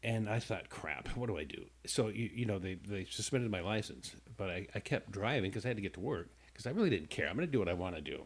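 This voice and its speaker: A man's voice: on the low side, animated, fast talker, few pauses, husky. A man hosting a radio talk show who tells a long personal story casually, with stumbling restarts, and acts out the people in it.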